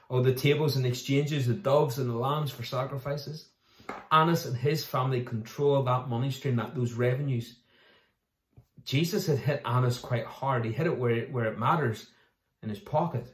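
A man's voice: medium pitch, roomy sound. A man preaching a sermon in a casual, conversational way, acting out the voices of the people he quotes. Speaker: pastor.

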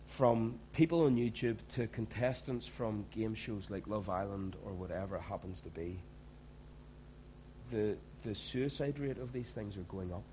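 A man's voice: lowish voice, a little slow, mellow, a little hiss or hum, low-quality recording. A man, preaching a conversational sermon and acting out quoted voices.

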